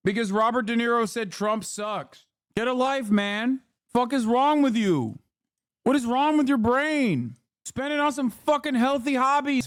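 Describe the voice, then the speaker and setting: A male streamer riffs on clips in a loose, profane rant, full of sarcasm. His voice sits a little high for a man. The sound is dry and close, with no room around it. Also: no echo. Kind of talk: casual livestream commentary.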